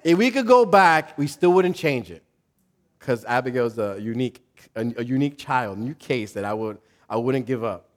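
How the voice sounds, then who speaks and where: This male pastor speaks at medium pitch and normal speed. His conversational sermon is casual and slangy, with animated storytelling in which he performs characters' voices.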